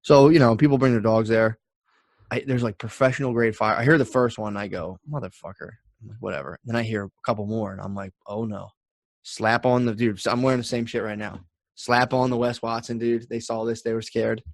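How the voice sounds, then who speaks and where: A man, a comedian hosting a podcast, telling a profane, animated story in casual chat and acting out the people in it. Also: medium pitch, a little fast, no room sound, clean studio sound.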